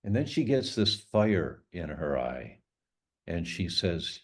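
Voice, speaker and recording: A man's voice: low voice, very animated, takes it slowly. An older man, a guest, telling a personal story with emotion and acting out the dialogue. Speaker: guest speaker.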